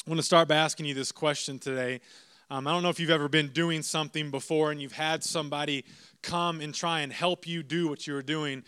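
A man in his thirties preaches a sermon, moving between prayer and lively storytelling aimed at the pews. His voice is smooth and ringing, and it sits a little high for a man. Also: fast. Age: 30s. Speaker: pastor.

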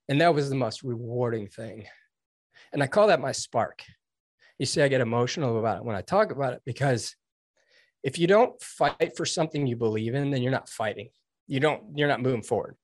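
A man's voice: medium pitch, lively intonation, brisk, no echo. A man recounting his military training in an interview, earnest and openly emotional, with restarts. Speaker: interview guest, former Navy SEAL trainee. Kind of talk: storytelling in a conversational interview.

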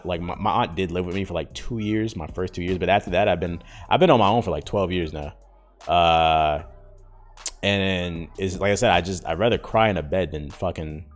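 Low-voiced guy in his 30s rambling on his podcast, lots of cussing and slang, faint music behind. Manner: rambling, heavy cursing and slang, emotional and candid. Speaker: podcast host. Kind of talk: casual podcast monologue.

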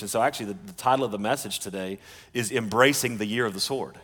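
A male pastor preaching with a low voice. His earnest delivery stops and restarts often, and his words carry a long reverb through a large church hall. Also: a bit bright, slightly rough. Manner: earnest, halting, with frequent restarts. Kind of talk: sermon.

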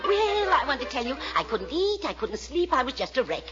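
A woman's voice: high-pitched, very animated, a little fast, loud music behind the voice. An actress playing a chatty, patronizing older mother in a 1940s radio comedy, gushing and fussy. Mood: gossipy. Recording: dull lo-fi old radio recording.

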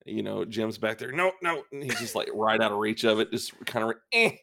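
Guy guest on a podcast, gravelly voice, rambles through stories, lots of uh and um. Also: on the low side, steady tone, brisk, bright, forceful tone, a little hiss or hum. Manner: rambling storyteller, hesitant with fillers. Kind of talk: casual group podcast banter.

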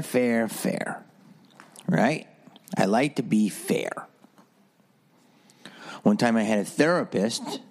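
A man's voice: fairly low pitch, a little mellow. A man hosting a solo podcast, rambling through stories with a sarcastic edge. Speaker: podcast host.

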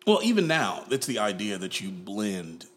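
A man co-hosting a podcast, talking casually and getting animated, with playful put-on voices. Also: fairly low pitch, normal speed. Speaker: podcast co-host. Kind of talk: casual chat.

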